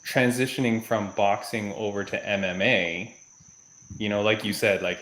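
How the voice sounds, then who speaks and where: Man, podcast host, chatty questions, fillers, lowish voice, echoey room. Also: normal speed, fairly bright tone, slight background noise. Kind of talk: casual podcast interview.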